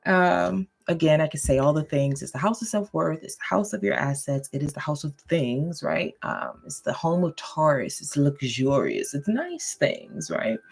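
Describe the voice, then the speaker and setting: A woman's voice: low voice, sing-song, normal speed, vocal fry, few pauses, slightly rough. A woman giving a casual, goofy tarot and astrology reading, laughing often and checking in with listeners. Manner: addresses listeners directly, checking in with "okay?".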